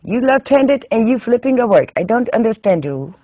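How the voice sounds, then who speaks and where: A woman's voice: a little high, very animated, moderate pace, dry recording, pitched above the performer's own voice. A man voicing a stern older female knitting teacher who scolds and corrects, in a tinny, dry, phone-like recording. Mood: scolding. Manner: bossy, scolding, emphatic.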